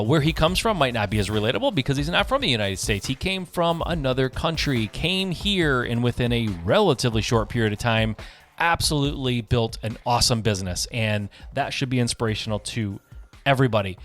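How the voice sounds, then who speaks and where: A man's voice: mid-range voice, lively intonation, brisk, fairly bright tone, soft background music. A man hosting a podcast, introducing his guest in an upbeat, chatty way. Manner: upbeat, chatty, frequent fillers. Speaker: podcast host.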